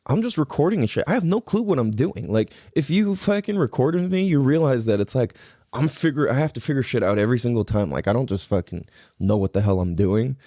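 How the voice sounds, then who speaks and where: Mellow-voiced swearing podcast host. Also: male voice, medium pitch, lively intonation, a little fast, no room sound, studio quality. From California. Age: adult parent. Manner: rambling, heavy swearing, frequent fillers. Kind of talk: casual solo podcast monologue.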